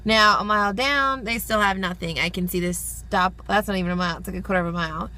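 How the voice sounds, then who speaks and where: A woman's voice: medium pitch, fast talker, bright, forceful tone. A young woman vlogging casually from her car while driving through snow, chatty and exasperated, laughing often. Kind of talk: casual vlog chat. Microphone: phone camera. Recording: car noise behind the voice.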